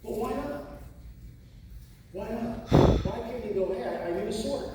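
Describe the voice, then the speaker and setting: A man giving a talk to a live audience, animated and full of rhetorical questions. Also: extremely high pitch, normal speed, heavy background noise. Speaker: conference speaker. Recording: echoey hall recording from far off.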